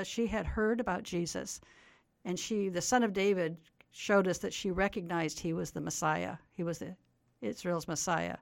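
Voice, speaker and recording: A woman's voice: fairly low pitch, gravelly, dry recording. Older woman retelling a Bible story. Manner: earnest, explanatory retelling. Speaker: Bible teacher, guest. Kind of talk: radio interview, storytelling.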